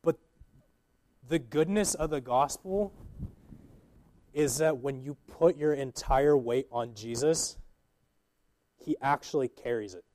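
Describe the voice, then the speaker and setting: A man's voice: mid-range voice, takes it slowly, pauses often, a little mellow. A young man giving an earnest, informal sermon as a guest preacher, with many fillers and restarts.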